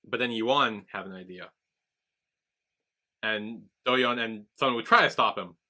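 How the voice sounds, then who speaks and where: A man's voice: lowish voice, unhurried. A man co-hosting a podcast, casually recapping episodes and acting out the characters' lines as he goes. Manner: animated retelling with quoted voices. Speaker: podcast co-host.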